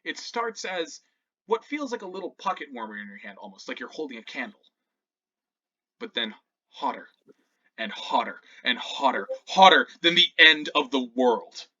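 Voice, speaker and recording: A man narrating as game master of a tabletop game, dramatic, moving between loud and hushed. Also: mid-range voice, breathy edge, far from the mic, lo-fi sound.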